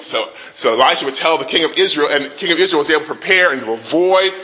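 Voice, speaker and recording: A man preaching a sermon in an animated way, drawing call-and-response from the congregation. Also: a little high, fast talker, hardly any pauses, rough recording. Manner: dramatizes the king's rant in a rising voice.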